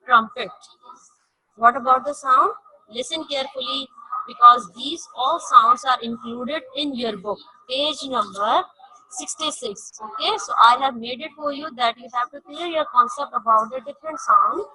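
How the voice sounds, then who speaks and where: A woman teaching a science lesson to young children, repeating each point slowly and stressing key words, in English with non-native grammar. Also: high-pitched, pushed and bright, slightly rough, low-quality recording. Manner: slow, repetitive, emphatic teaching.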